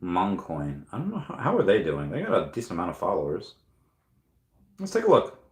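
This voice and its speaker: A man's voice: deep voice, wildly swooping pitch, brisk, reverberant. A man hosting a casual livestream from home, reading viewer comments aloud and thinking aloud with lots of fillers. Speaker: crypto livestream host. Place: room at home at night.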